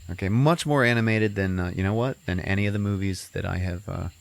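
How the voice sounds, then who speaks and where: Low-voiced man recapping a movie. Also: fast talker, gravelly, dry recording. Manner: rambling, profane storytelling with many fillers. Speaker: podcast host.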